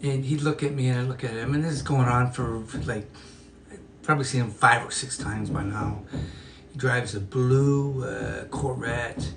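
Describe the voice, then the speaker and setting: A man's voice: medium pitch, fairly even intonation, moderate pace. A man, a flute player and actor, casually telling a story to the camera in a rambling way, with many fillers and restarts. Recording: distant mic with noisy ambience.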